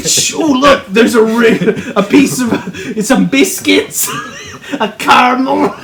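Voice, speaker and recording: A man's voice: extremely high pitch, slow pace, a crowd in the background, full character voice. A man putting on a mock British accent as a cheeky young rock musician, joking and giggling between lines. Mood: teasing. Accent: imitated British. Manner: joking, giggling mid-line.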